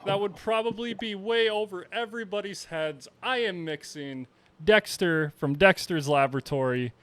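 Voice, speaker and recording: A man's voice: high-pitched, normal speed, fairly bright tone, no echo. Laughing male podcast co-host, dry sound. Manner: laughs often, loose rambling chat. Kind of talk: casual chat.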